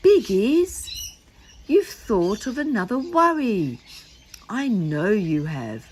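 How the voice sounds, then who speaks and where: A woman's voice: medium pitch, sing-song, takes it slowly, a little hiss or hum, pitched above the performer's own voice. A woman voicing a cheerful little wooden toy boy, eager and earnest, from a children's storybook. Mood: alarmed.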